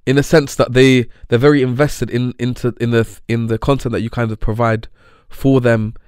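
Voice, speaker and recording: A man's voice: medium pitch, flat delivery, brisk, darkish tone, smooth, no room sound, studio quality. A young man, co-hosting a casual podcast in an easygoing, rambling way. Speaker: podcast co-host. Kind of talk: casual chat.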